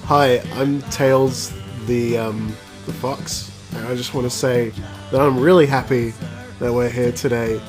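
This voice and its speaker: A man's voice: mid-range voice, fairly even intonation, unhurried, music in the background, close to an everyday voice. A man voicing an eager young fox boy who rambles earnestly and preaches safety.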